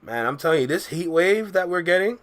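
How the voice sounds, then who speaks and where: A man's voice: high-pitched, lively intonation, fairly quick, a bit bright. A young man casually chatting with his viewers on a livestream, laid-back and full of slang, reading out and answering chat messages. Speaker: reaction streamer.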